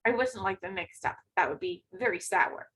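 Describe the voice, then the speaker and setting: A woman teacher giving a remote phonics lesson to second graders, speaking clearly and encouragingly to young children. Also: medium pitch, normal speed, a bit bright, low-quality recording.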